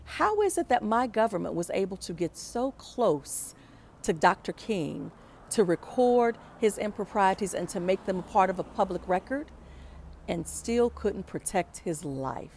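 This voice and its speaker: A woman telling a personal story to an audience, animated and reflective, acting out the voices of people she quotes. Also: medium pitch, vocal fry, slight background noise. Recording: pre-recorded for a virtual event.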